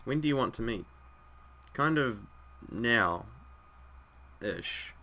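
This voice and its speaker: A man's voice: medium pitch, expressive, slow pace. A man voicing a brusque, teasing young woman. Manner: brusque, curt. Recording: loud background music.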